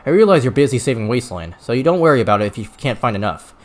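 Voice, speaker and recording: A man voicing a helpful little male gremlin tinkerer from a video game, with a put-on Brooklyn accent and a chatty, quick manner. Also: medium pitch, big pitch swings, natural voice.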